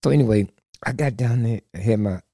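A man guest, a street preacher, telling animated stories and acting out the people he quotes, often repeating words. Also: fairly low pitch, fairly quick, no room sound, clean studio sound. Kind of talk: animated storytelling.

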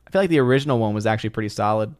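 A man's voice: on the low side, racing, no room sound, studio quality. A man hosting a live stream, reading viewer comments aloud and chatting about them, thinking aloud with restarts and small laughs. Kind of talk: casual live stream chat.

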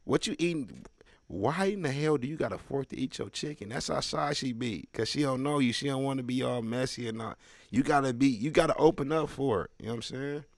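Guy doing stand-up w/ AAVE, loud and animated, dry close sound. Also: mid-range voice, brisk, creaky, no room sound. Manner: loud, animated, slangy street talk with crowd asides. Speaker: stand-up comedian. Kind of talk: stand-up comedy set.

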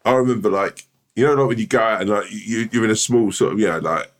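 A man's voice: on the low side, quick pace. A man co-hosting a podcast, telling a rambling, self-deprecating story in casual chat and laughing through it. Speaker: podcast co-host.

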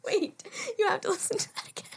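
A woman co-hosting a casual chat show, giggly and swearing freely. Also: quick pace. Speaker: co-host.

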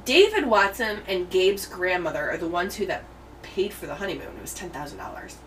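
A woman's voice: fairly low pitch, sing-song, a little fast, distant mic, a little hiss or hum, rough recording. An American woman hosting a true crime podcast, telling the story in a chatty way with tangents. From United States. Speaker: podcast host.

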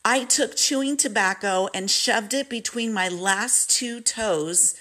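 A woman vlogger shares a personal story in a candid, confiding way, talking straight to her viewers. She speaks at a slow, unhurried pace. Her pitch sits at an ordinary middle level. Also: bright, forceful tone.

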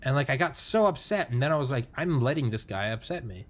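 An American man hosting a podcast, talking casually with lots of swearing and sudden jumps between loud and quiet. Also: medium pitch, fast talker. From United States. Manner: animated, profane, swings between loud and quiet. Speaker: podcast host.

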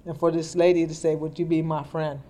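A woman's voice: deep voice, little pitch movement, fairly quick, dark tone. Middle-aged woman guest, plainspoken and earnest storyteller. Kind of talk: personal storytelling in conversation. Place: indoor interview. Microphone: podcast mic.

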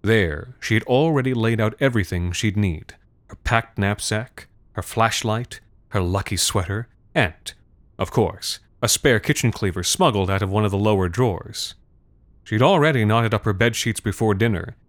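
A man's voice: fairly low pitch, moderate pace, no echo. A man narrating a darkly comic story in a wry, theatrical manner. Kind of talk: scripted narration.

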